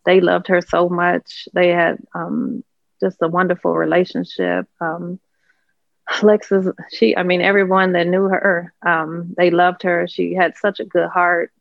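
A grieving relative of a crime victim, pleading softly for the public's help. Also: mid-range voice, level tone, unhurried, creaky, no room sound, lo-fi sound. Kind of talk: emotional interview plea.

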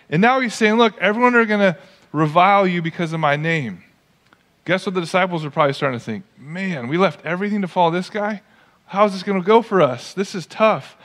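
A male pastor preaching a sermon to his congregation, animated and acting out the quoted voices. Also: fairly high pitch. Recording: long church hall reverb.

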